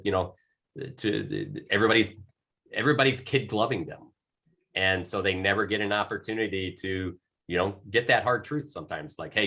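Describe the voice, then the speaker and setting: A man with a low, forceful voice talks casually on a coaching panel. He rambles, restarting and filling his sentences as he goes. He sounds middle-aged. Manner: rambling, many restarts and fillers.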